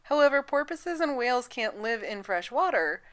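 A woman co-hosting a casual podcast chat, giggly and laughing often, audibly high. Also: sing-song, normal speed. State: high on cannabis. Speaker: podcast co-host.

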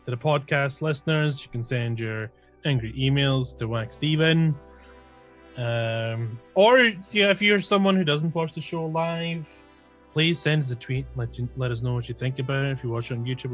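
A man player introducing himself and his character in a relaxed, joking way. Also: medium pitch, moderate pace, faint music behind. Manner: relaxed, joking, plugging the show. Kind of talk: casual chat.

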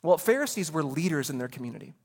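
A man preaching a sermon as pastor, animated, acting out voices in the story with quick asides. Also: a little high, creaky, slightly rough.

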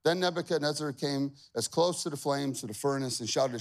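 A man preaching a sermon, reading scripture aloud with acted-out voices, jumping from loud emphatic lines to quiet asides. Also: fairly high pitch, normal speed, few pauses. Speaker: pastor.

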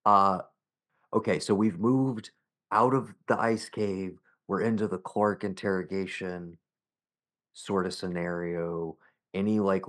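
A man co-hosting a podcast over a video call, talking loosely and animatedly, swearing freely and calling his friends dude and bro. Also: low-pitched. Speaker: podcast co-host.

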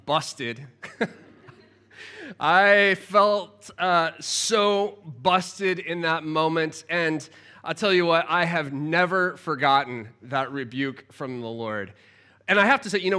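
A man gives a chatty, self-deprecating sermon in church, often asking the congregation questions as he tells a story from his own life. His voice is bright and a little high. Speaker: preacher.

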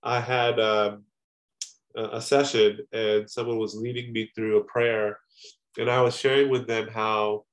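A man's voice: lowish voice, little pitch movement, a little slow. A man giving a conversational sermon, earnest and personal, often adding "you know" as he talks. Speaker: preacher.

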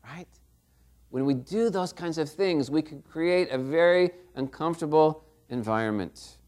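A man's voice: on the high side, a little slow, a little mellow. A middle-aged man preaching a sermon in a conversational way, often checking in with the congregation. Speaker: pastor.

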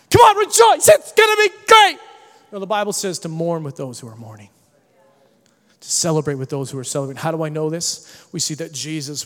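A man preaching a sermon as pastor, animated, swinging between hushed tones and shouting, with joking asides to the congregation. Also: fairly high pitch. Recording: long hall reverb.

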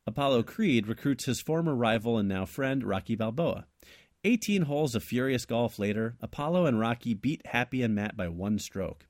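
Podcast co-host, man, animated storyteller, dry studio mic. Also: medium pitch, moderate pace, no echo. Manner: animated, laughs often, trails off and restarts. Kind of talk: casual chat, telling a made-up story ending.

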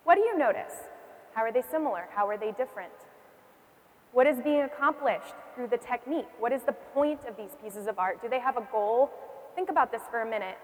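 High-voiced woman teaching a class. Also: expressive, fairly quick. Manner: engaging, asks the class questions and repeats their answers. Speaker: church history teacher. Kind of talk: classroom lecture. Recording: long reverb in a hall.

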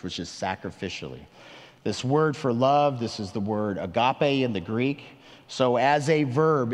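Earnest pastor preaching in a reverberant hall. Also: male voice, medium pitch. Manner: earnest, conversational, self-deprecating, rising emphatic questions. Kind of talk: sermon. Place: church sanctuary. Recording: long reverb of a large hall.

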